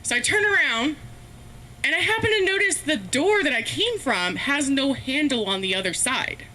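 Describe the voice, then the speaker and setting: A woman's voice: high-pitched, animated, moderate pace, bright, forceful tone. A woman telling a rambling, profane, self-mocking story as a stand-up comedian, laughing often. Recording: faint background noise, live stream.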